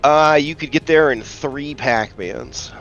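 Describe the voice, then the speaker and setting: A man narrating as game master in a casual online tabletop session, relaxed and hesitant with many fillers. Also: mid-range voice, slow, gravelly, dull audio, soft background music.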